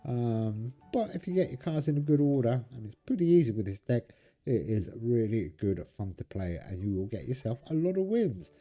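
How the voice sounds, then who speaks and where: At normal speed and medium pitch, a very animated man with a warm tone runs a game channel, faint music behind him. He plays a card game and keeps up chatty, casual commentary for his viewers.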